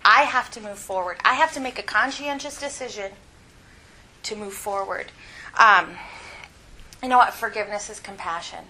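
Candid, bright-voiced woman teaching a church lesson. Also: medium pitch, moderate pace, pauses often, a little hiss or hum, low-quality recording. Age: middle-aged. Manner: candid and confessional, laughs often.

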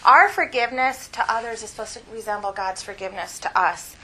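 A woman's voice: on the high side, a little fast, pushed and bright, rough recording. A middle-aged woman teaching a Bible lesson at church, candid and confessional, laughing often as she talks.

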